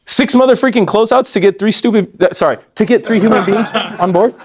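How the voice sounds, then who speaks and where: Fortyish male trainer, voice sits a bit high, lively and joking, addresses the room directly. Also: fairly quick, breathy edge. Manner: animated, joking, laughs often, talks straight to the room. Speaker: sales team trainer. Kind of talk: live training talk to an audience.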